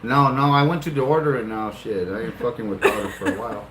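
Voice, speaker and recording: A man's voice: medium pitch, fast, over a noisy crowd. A man, telling a long, profane story in a casual vlog while laughing through it. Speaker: vlog co-host. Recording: echoey room with loud noise.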